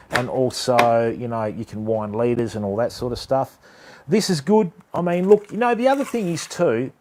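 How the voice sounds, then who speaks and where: This laid-back man from Western Australia chats casually with live-stream viewers while showing off fishing tackle. His voice is medium-pitched and somewhat dark, and his slangy talk rambles along, full of fillers.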